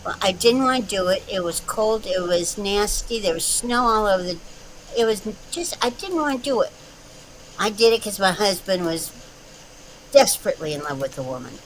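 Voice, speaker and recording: Woman telling a lively story. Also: medium pitch, moderate pace, a little hiss or hum, poor audio. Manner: animated storytelling, dry asides. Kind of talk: casual chat.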